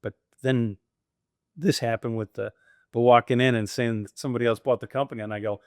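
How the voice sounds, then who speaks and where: Middle-aged male guest, lively storyteller, dry close podcast sound. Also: mid-range voice, fairly quick, no echo. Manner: animated, acts out quoted dialogue. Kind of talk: storytelling interview.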